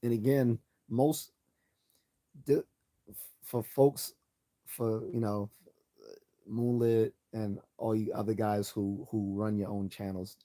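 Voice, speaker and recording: A man hosting a late-night livestream, talking bluntly and sarcastically while hoarse from losing his voice. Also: lowish voice, little pitch movement, slow pace, long pauses, dark tone. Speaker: livestream host.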